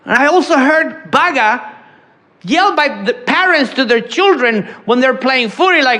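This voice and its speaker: A man doing a stand-up comedy set on a club stage, telling a story in an animated way with stammered restarts. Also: very high voice, moderate pace, some chatter behind. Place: comedy club stage before a live audience. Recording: noisy live stand-up recording.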